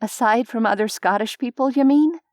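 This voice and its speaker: A flustered young heroine with a nervous, wry edge, read by a woman audiobook narrator. Her voice sits higher and pushes a little louder than the narration. The sound is dry and close. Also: unhurried, dry recording, natural voice. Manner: nervous, quipping, hesitant. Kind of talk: audiobook character voice.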